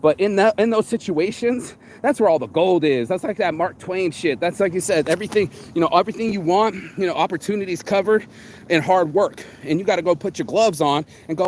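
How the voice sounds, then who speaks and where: A man's voice: sits high, brisk, slight background noise. A man vlogging in casual motivational chat, rambling and streetwise, swearing freely and calling listeners "bro".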